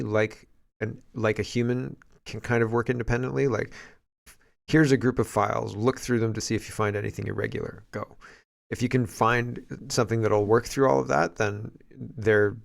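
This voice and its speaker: A man's voice: lowish voice, vocal fry. A man hosting a political commentary show, musing aloud as he reacts to video clips.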